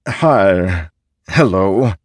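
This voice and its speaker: A man's voice: sits low, lively intonation, no echo, pitched above the performer's own voice, exaggerated voice. A man voicing an insecure male spirit made of stars, who speaks hesitantly and apologetically. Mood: timid, nervous. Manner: hesitant, halting, pleading.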